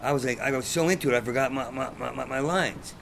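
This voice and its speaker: A man with a medium-pitched, fairly bright voice talks fast with vocal fry, and there's slight background noise. He's a stand-up comedian appearing as a guest, chatting casually in a blunt, profane, rambling way. He stutters, repeating sounds.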